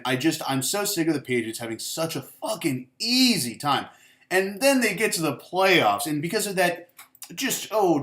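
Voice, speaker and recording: A man's voice: sits high, a bit bright. A young man ranting about football in a profane, rambling, emphatic way. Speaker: sports commentator. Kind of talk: ranting vlog commentary. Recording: echoey room.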